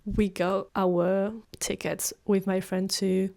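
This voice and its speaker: A woman in her twenties, a native French speaker, hosting a podcast and telling personal stories in a casual, animated way, acting out what she said. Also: mid-range voice, takes it slowly, creaky. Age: 20s. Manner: animated, acts out her own quoted lines. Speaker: podcast host. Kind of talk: casual storytelling monologue.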